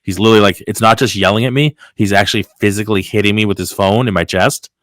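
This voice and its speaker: Low-voiced man telling a rambling story. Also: fast talker, no echo. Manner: animated storytelling with heavy filler and swearing. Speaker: podcast host. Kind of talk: casual chat, telling a story.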